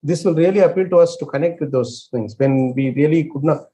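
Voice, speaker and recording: A man leading an online scripture class. He explains with many fillers and restarts and chants verses very slowly. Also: fairly high pitch, warm tone. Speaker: scripture study teacher.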